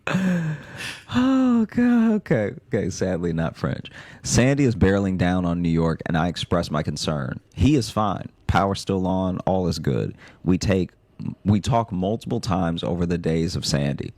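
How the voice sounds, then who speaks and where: A man's voice: low-pitched, animated, normal speed, a little mellow, dry recording. A man reading listener stories aloud on a comedy podcast, dry with bursts of laughter. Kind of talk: comic podcast chat.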